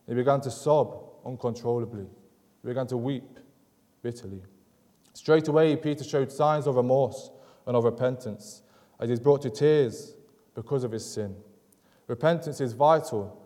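A man preaching a sermon in an earnest, measured way, driving points home through repetition. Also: medium pitch, mellow, big-room sound. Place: church sanctuary.

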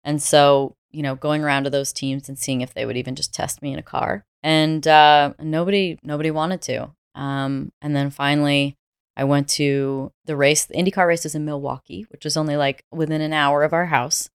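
Low, smooth-voiced woman telling her story. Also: steady tone, normal speed, dry recording, studio quality. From United States. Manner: reflective, candid, laughs easily. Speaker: interview guest. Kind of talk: conversational storytelling.

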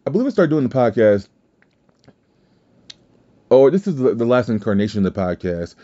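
A man's voice: mid-range voice, big pitch swings, normal speed, warm tone, lo-fi sound. A man with a Southern US drawl hosting a podcast, talking casually and rambling with self-corrections. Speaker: podcast host. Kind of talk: casual solo podcast talk.

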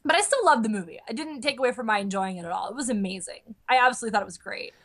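A young woman chatting casually, an animated storyteller full of fillers who acts out quotes. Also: fairly high pitch, very fast. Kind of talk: casual chat.

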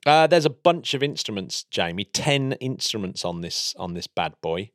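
Low-voiced enthusiastic English man. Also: big pitch swings, normal speed, fairly bright tone, dry recording, studio quality. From England. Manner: enthusiastic, explanatory. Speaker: podcast co-host. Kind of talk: casual science chat.

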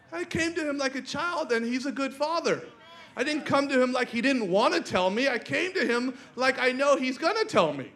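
A preacher with a strikingly high voice, delivering a lively sermon. He tells his story with animated energy, laughs often, and turns to the congregation with questions. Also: moderate pace.

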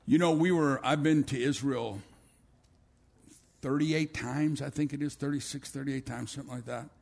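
A man's voice: medium pitch, steady tone, normal speed, gravelly, darkish tone. A male pastor preaching a sermon to his church, telling a long story with many restarts and asides.

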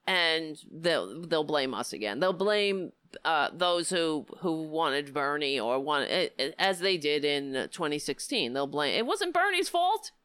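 A woman hosting a political talk show, giving impassioned, indignant commentary with a hoarse voice. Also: sits low, lively intonation, unhurried, dry recording. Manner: impassioned, indignant, rising to near-shouting.

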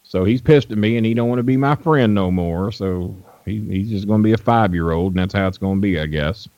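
A man's voice: lowish voice, a little fast, darkish tone, dry recording. Older man telling rambling stories. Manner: rambling, blunt storyteller with frequent fillers. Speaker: guest wrestling manager. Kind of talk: storytelling in a radio interview. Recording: dull, dry lo-fi radio audio.

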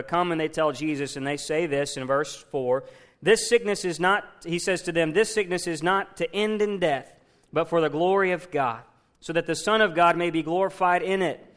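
Speaking on the high side with a fairly bright tone, a man delivers a sermon in a conversational way. He retells a story from the Bible and asks his listeners questions.

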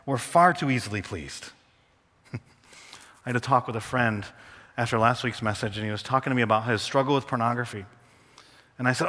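Bright-voiced male pastor preaching in a hall. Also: mid-range voice. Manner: animated preaching, slows down to read quotes aloud. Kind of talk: sermon. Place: church hall. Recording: long reverb of a large hall.

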